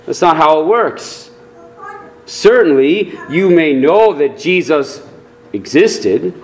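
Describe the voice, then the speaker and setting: A man preaching a sermon as a pastor, earnest and deliberate, rising in emphasis on key points. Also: a little high, expressive.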